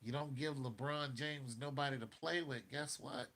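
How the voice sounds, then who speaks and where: A man hosting a casual basketball talk show, animated, laughing often and talking straight to his viewers. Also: mid-range voice, moderate pace. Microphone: streaming mic.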